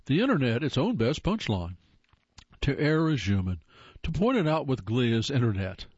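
A man narrates a run of jokes in a wry, playful manner, his pitch rising and falling with lots of life. The recording is dry with no room sound and has a slightly dull, muffled tone. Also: sing-song, normal speed, a little mellow, husky, no echo. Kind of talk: scripted comedic narration.

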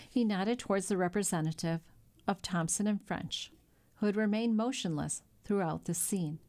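A woman narrating a classic novel aloud in a steady, even storytelling manner. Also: fairly low pitch. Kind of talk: audiobook narration.

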